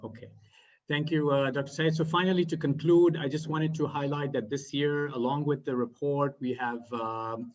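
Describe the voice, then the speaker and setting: A man politely wrapping up his report presentation on an online panel over a video call. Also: mid-range voice. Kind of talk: online panel closing remarks. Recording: dull lo-fi audio.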